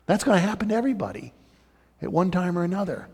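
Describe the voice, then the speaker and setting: A man preaching a sermon as pastor, swinging from loud urgent emphasis to soft, intimate appeals. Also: high voice, big pitch swings, fast, vocal fry, husky, big-room sound.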